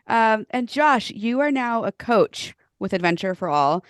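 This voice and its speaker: A woman's voice: fairly high pitch, lively intonation, a little slow, clean tone, dry recording. A woman hosting an interview, asking upbeat and encouraging questions. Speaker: host. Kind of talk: interview, casual chat.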